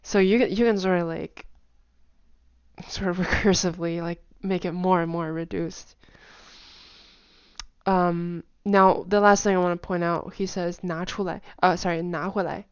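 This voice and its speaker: A woman giving a casual explanatory lesson, demonstrating pitch with sung "da" syllables and quickly repeated words, chatty with frequent "like" fillers. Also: steady tone, clean tone, no room sound, highs cut off. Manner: chatty, with many "like" fillers and soft asides. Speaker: language teacher.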